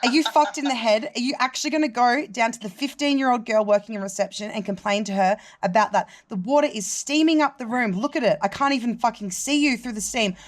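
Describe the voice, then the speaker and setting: A woman's voice: on the high side, fast talker, hardly any pauses. A young Australian woman vlogger telling a story in casual chat, swearing and acting out what others said. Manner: animated, sweary, quotes people in other voices.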